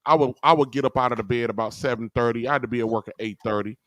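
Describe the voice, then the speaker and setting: A man, a guest in casual conversation, telling a long rambling story in an animated way. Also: medium pitch, rapid-fire, no room sound.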